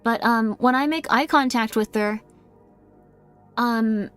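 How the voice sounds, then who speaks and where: A woman's voice: on the high side, slow, clean tone, soft background music. A woman streamer chatting casually with her viewers in a rambling way, with many fillers and frequent laughs.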